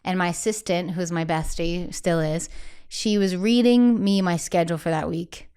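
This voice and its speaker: As a guest in a relaxed interview, a singer talks frankly and animatedly, doing voices for the people she quotes and using "like" all the time. Her voice is smooth, on the low side, at normal speed.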